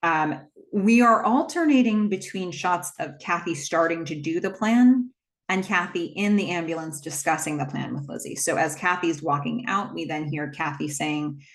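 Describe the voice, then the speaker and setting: Picture a woman with a notably low voice, talking through a movie plot step by step in a relaxed, unscripted way. She strings scenes together with "and then", and now and then drops in an "um" as she goes. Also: normal speed. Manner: retells scenes step by step with fillers. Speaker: movie recap host. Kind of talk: casual plot recap.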